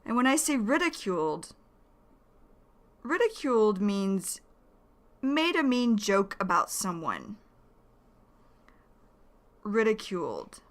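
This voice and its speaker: A woman from the United States teaching English vocabulary, speaking deliberately and repeating key words for learners. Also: mid-range voice, huge pitch swings. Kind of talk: slow explanatory vocabulary lesson.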